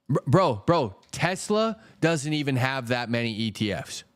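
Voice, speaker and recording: A man in the middle of a casual market rant on his livestream, cursing freely and circling back over the same point. His voice sits at an ordinary middle pitch and comes across close and dry, with no room sound around it. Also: dry recording. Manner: exasperated, swears heavily, repeats himself. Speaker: stock market livestream host.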